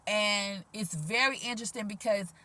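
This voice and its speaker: Bright, sassy soft-spoken woman. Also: medium pitch, moderate pace. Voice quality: quiet, gentle voice. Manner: animated, sassy, laughs often, soft-spoken. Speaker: vlogger. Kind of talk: casual spiritual vlog monologue. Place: outdoors.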